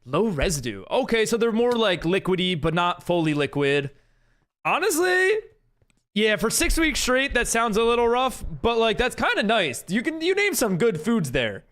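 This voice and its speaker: Reacting to viewers' messages he reads aloud, a young game streamer chats throughout his live session. His voice sits high with huge pitch swings, a fairly bright tone, and a moderate pace.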